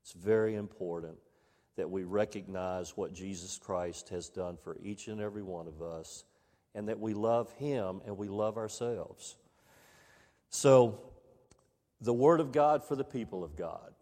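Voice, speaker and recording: A man preaching a sermon to his congregation, reading scripture aloud and repeating key phrases for emphasis in a measured way. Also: fairly low pitch, warm tone, big-room sound. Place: church sanctuary.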